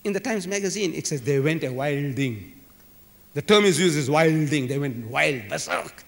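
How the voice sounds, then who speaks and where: Guy lecturing a crowd, fairly high voice swinging all over, big echoey hall. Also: animated, moderate pace, creaky. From South Africa. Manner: emphatic, dramatic, repetitive rhetoric. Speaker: public lecturer. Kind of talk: public lecture to a live audience. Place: large civic hall.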